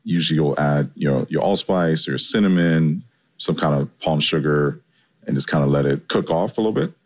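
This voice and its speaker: Very deep-voiced enthusiastic man. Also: normal speed. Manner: enthusiastic, loose and chatty. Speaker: chef and guest. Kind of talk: casual interview answers.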